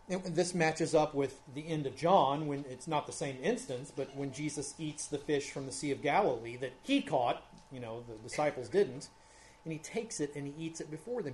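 A man preaching a sermon, earnest and conversational, rising loud when he reads scripture. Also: a little high. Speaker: pastor.

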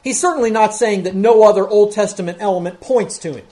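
A man's voice: high-pitched, fast, dark tone. Methodical male pastor preaching verse by verse. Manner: methodical, walks through verses one by one. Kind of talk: expository sermon.

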